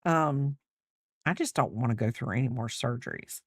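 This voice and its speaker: A woman's voice: extremely low pitch, normal speed, husky, dry recording, clean studio sound. A woman in her fifties chatting casually while crocheting on a livestream, rambling and thinking aloud with lots of fillers. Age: 50s.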